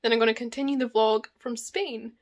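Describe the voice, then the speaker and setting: Chatty Scottish woman, higher voice. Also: steady tone, fairly quick. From Scotland. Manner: chatty, laughing, wry. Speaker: book vlogger. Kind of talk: casual vlog chat.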